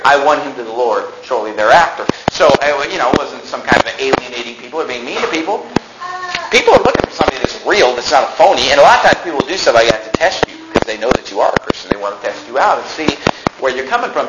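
A man preaching a sermon as pastor, shouting at times and then dropping to calm reasoning. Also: on the high side. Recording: echoey room with noise.

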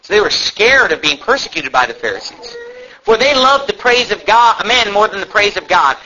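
A man preaching a fervent sermon, swinging from loud cries to low, emphatic asides. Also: sing-song, moderate pace, highs cut off.

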